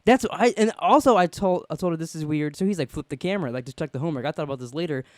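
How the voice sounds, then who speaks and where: A man hosting a podcast, telling a story in a casual, animated way and acting out the people he quotes. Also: fairly high pitch, very fast, dry recording. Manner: animated, acts out quoted voices. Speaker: podcast host.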